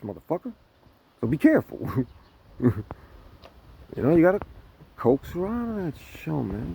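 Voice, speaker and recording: A man's voice: a little high, normal speed, gravelly, pauses often, breathy edge. A man ranting casually to camera, swearing constantly and laughing between lines. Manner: profane, laughing often, animated. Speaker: vlogger.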